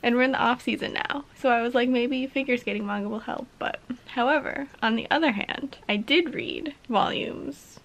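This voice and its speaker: A woman's voice: a little high, normal speed, gravelly, a bit bright. A woman chatting casually to camera at home in a reading vlog, rambling and laughing often. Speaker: book vlogger.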